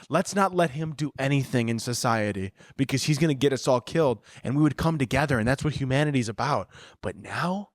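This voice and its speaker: A young man hosting a podcast, ranting in a profane, animated way with bursts of shouting and laughter. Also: medium pitch, moderate pace, dry recording, studio quality. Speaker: podcast host. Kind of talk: solo comedic ranting.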